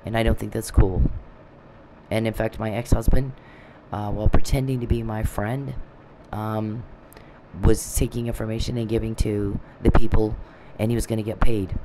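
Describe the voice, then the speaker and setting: Brief: low-pitched man, bitter confrontational rant, noise behind him. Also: moderate pace. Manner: bitter, confrontational, speaks straight at an absent foe. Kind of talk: ranting monologue. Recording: steady background noise.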